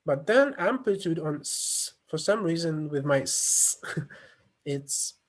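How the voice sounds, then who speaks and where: A man's voice: on the high side, animated. A man giving an online lecture over a video call, explaining on a shared screen with many fillers and restarts. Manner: halting, many fillers and restarts, non-native phrasing.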